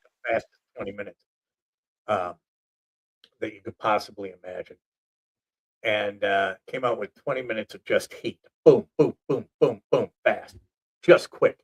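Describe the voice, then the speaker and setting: A man's voice: lowish voice, vocal fry, rough recording. A man hosting his own talk show, in a rambling, joking monologue full of asides. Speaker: host. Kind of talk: casual comedic monologue.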